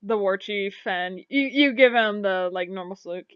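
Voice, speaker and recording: A woman's voice: medium pitch, normal speed, smooth, no room sound, highs cut off. A woman running a tabletop game as game master, narrating casually with lots of fillers.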